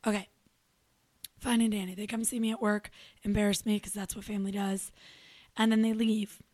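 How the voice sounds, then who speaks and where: A young adult woman co-hosting a show, telling a story in casual chat, animated and profane, acting out what people said. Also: medium pitch, normal speed, no echo. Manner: animated, profane, acts out quotes. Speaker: radio show co-host.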